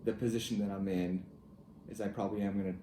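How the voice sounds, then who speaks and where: A young man telling a personal family story in a halting, reflective way, with soft laughs. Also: on the low side, flat delivery, slight background noise. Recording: echoey room with faint ambience.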